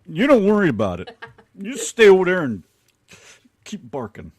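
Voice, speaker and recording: An American man co-hosting a casual online radio show, joking and teasing with loud laughs. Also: sits high, wildly swooping pitch, moderate pace, slightly rough, no room sound. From United States. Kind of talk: casual banter with co-host and chat.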